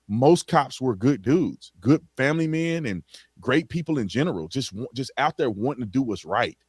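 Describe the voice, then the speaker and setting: A man's voice: medium pitch, animated, normal speed, breathy edge, dry recording. A man in a mid-range voice answers as an interview guest, frank and plain-spoken, dropping in casual slang. He draws on his years as a police officer. The recording is dry and close.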